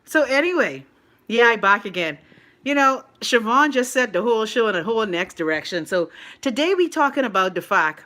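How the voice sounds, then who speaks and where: Laughing Bahamian woman, bright high voice. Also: moderate pace. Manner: laughs often, animated and playful. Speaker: livestream host. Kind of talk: casual live-stream chat reading comments. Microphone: phone.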